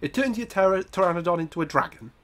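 A man's voice: high voice, expressive, fast, a bit bright. Guy with a cold, all congested and nasal, chatting over his game, voice jumps up and down a lot. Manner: chatty, exclaims at game mishaps. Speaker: gaming YouTuber. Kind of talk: gameplay commentary.

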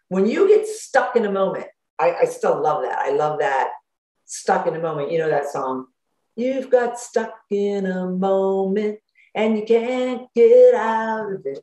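A woman gives a motivational self-help talk as a life coach, animated and conversational, laughing often and slipping into worried inner thoughts. Her voice comes through a computer microphone. The room around her gives the sound a noticeable echo. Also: sits low. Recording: roomy echo.

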